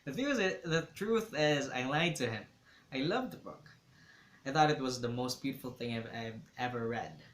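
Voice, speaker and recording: Male reader, reflective storytelling, mid pitch, roomy echo. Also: lively intonation, normal speed, a bit bright. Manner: reflective first-person storytelling. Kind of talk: reading a novel aloud.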